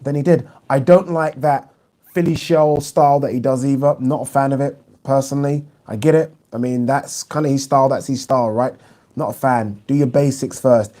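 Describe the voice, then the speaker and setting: A boxing channel host with a mellow, mid-range male voice runs a live boxing review. He gives blunt opinions and fields viewer questions, talking casually and often restarting.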